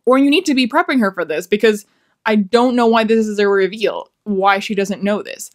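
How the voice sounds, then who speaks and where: A woman's voice: mid-range voice, normal speed. A woman giving a casual, rambling book review, sounding exasperated and swearing freely.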